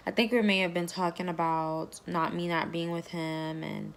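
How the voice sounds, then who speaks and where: A woman vlogging casually to camera, her low voice carrying a gravelly, creaky edge. She rambles through her story, leaning on fillers and "like" as she goes. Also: steady tone, normal speed.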